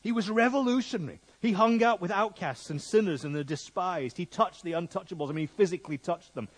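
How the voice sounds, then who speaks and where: A middle-aged man preaching a sermon in a jokey, conversational, lively way. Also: sits high, fast.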